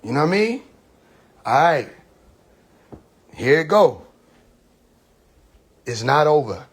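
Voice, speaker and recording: A man's voice: fairly high pitch, very animated, takes it slowly, long pauses, husky. A man hosting a livestream, telling a story casually and animatedly, laughing often and acting out quoted dialogue. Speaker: live stream host. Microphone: phone livestream.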